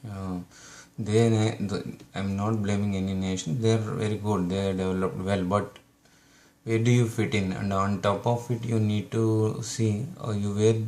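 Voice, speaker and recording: A man's voice: low voice, darkish tone, a little hiss or hum. A man from India with an Indian English accent, giving advice to his viewers in a hesitant way with many fillers and restarts. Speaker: YouTube channel host. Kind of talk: casual advice talk to camera.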